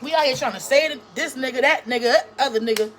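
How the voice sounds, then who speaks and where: A woman's voice: high voice, fast talker. A woman in her thirties, a small-time YouTuber, ranting to her viewers in a blunt, profane vlog full of restarts. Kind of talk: casual vlog rant to camera.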